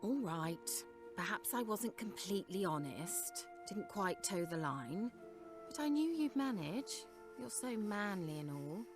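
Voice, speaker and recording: An actress playing a scheming, flirtatious adult sorceress in video game dialogue, teasing and condescending. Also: female voice, medium pitch, expressive, a little slow, close to an everyday voice. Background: game music.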